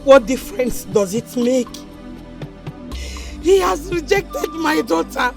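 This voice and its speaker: A woman's voice: high-pitched, animated, slow pace, gravelly, soft background music, heavily acted. An actress with a Nigerian accent playing a distraught middle-aged mother who scolds her pregnant daughter. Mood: worried. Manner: scolding, emotional. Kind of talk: film drama acting.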